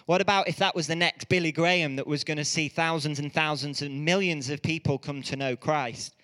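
A man preaching a sermon, telling stories in a lively way and often correcting himself mid-sentence. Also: a little high, big-room sound. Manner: lively storytelling with quick self-corrections.

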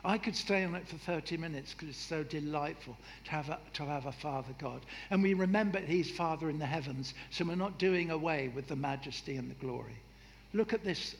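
High-voiced preacher in an echoey hall. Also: male voice, vocal fry. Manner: lively, humorous, acts out voices. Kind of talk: sermon. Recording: echoey hall with faint noise.

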